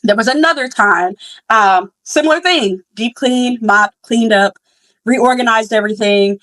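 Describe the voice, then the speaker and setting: A woman's voice: fairly high pitch, a little slow, fairly bright tone, dry recording, poor audio. A young woman hosting a podcast, telling a story in a casual, candid way with many fillers and restarts. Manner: candid and reflective. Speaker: podcast host.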